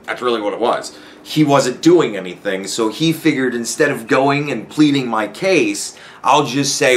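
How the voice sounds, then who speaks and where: A man hosting a podcast, telling a story in a casual, profane, animated rant and laughing often. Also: mid-range voice, moderate pace, few pauses. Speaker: podcast host.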